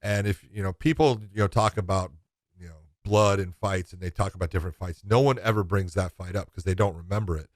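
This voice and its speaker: A man with a fairly low voice tells a story on his podcast, acting out the lines of the people in it. The sound is close and dry. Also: fairly quick, no room sound. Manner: lively storyteller who acts out quoted dialogue. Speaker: podcast co-host. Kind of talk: casual chat, telling stories.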